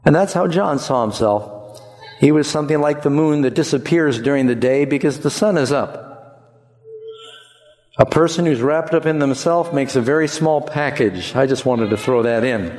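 A man's voice: on the high side, moderate pace, a little mellow. Emphatic preacher man in an echoing hall. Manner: emphatic, leads congregation in repeated phrases. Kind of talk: sermon. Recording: long hall reverb.

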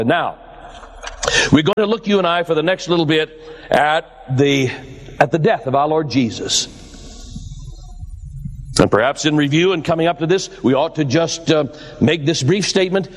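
A man with a high voice preaching a sermon, leaning hard on each word and slowing for emphasis. His voice rings out with a long reverb, as if recorded in a large hall. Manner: slow, emphatic preaching with dramatic pauses. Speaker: pastor.

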